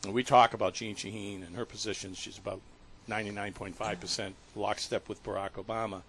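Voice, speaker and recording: A man with a low, gravelly voice hosts a talk radio program. He tells a story earnestly, full of feeling, stumbling over his words and starting again. His delivery sounds like unscripted storytelling on the air. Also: level tone, a bit bright, slight background noise. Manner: earnest, emotional retelling with halting restarts.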